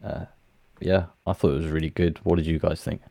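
A man's voice: extremely low pitch, level tone, brisk, vocal fry, dark tone, no room sound. A man co-hosting a podcast, telling a story in an upbeat, laid-back way with plenty of fillers. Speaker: podcast co-host. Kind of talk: casual chat.

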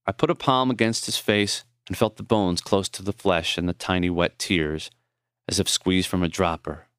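A man reading his own memoir as audiobook narration, measured and tender. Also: sits low, fairly even intonation, fairly bright tone, smooth, no room sound, clean studio sound.

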